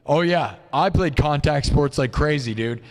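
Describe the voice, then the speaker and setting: A man's voice: fairly high pitch, a little slow. A man from Iowa in his thirties with a sore throat, chatting casually and boastfully on a livestream, saying dude and bro. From Iowa, United States. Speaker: livestream music host.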